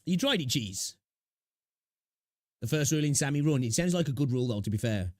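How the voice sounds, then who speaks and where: A young man runs a relaxed live stream, reacting to videos and talking to his chat in easy slang. His voice sits in a plain middle range and he laughs often. The sound is dry and close, with no room echo. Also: medium pitch, a little fast. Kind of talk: casual live-stream commentary.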